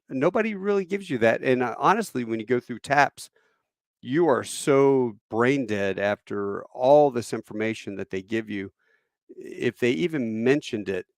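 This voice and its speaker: Gravelly man in his fifties hosting. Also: medium pitch, no echo, studio quality. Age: 50s. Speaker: podcast host. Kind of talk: casual conversation.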